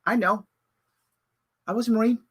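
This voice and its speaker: A man's voice: sits high, steady tone, moderate pace, breathy edge. A middle-aged man hosting a live show, giving emphatic, repetitive commentary that pleads and scolds by turns. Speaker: host.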